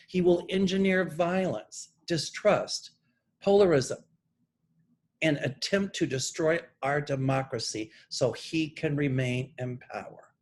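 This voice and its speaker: A man working as a psychic, speaking straight to camera and reading channeled messages from his notes in an earnest, emphatic way. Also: a little high. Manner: deliberate, pointed, emphatic political commentary. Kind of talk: earnest monologue read from notes.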